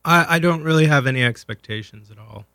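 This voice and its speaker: A man's voice: a little high, fairly quick, vocal fry, bright, forceful tone, dry recording. A man, a guest on a talk show, giving short, hesitant answers in a reserved way. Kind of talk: casual interview.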